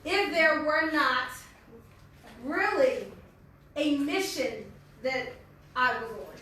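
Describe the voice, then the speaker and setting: Bright high-voiced American woman in a hall. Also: animated, a little hiss or hum. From United States. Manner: fast-talking, earnest and faith-filled. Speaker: network marketing leader and speaker. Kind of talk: motivational speech. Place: large echoey meeting hall. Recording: echoey hall from far off.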